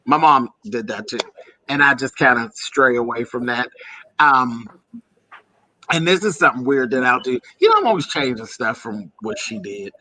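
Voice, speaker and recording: Chatty and laughing, the host, a man from Pennsylvania, USA, keeps calling listeners honey and girl. His mid-range voice is expressive, pushed and bright, at a moderate pace, with no echo.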